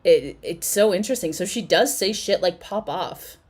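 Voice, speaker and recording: A woman's voice: on the low side, expressive, moderate pace, a little hiss or hum. A woman hosting a casual live chat, rambling and swearing freely as she reacts to clips. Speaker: host.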